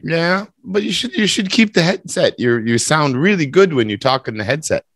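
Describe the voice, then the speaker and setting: A man's voice: a little high, sing-song, moderate pace, fairly bright tone. A man teaching English, running a speaking test over a video call with a playful, teasing manner.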